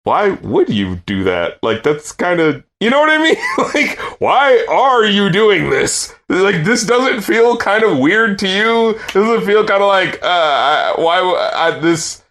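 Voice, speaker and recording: A young man co-hosting a podcast in casual chat, animated and laughing, often trailing off and restarting. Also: high voice, measured pace, hardly any pauses. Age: young adult. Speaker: podcast co-host.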